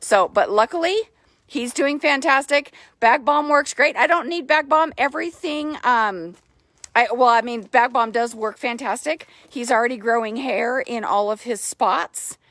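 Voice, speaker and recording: A woman giving a casual live video update about her horse, excitable and gushing, repeating herself, talking into a phone held close outdoors. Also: a little high, measured pace, no room sound. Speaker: horse owner vlogger.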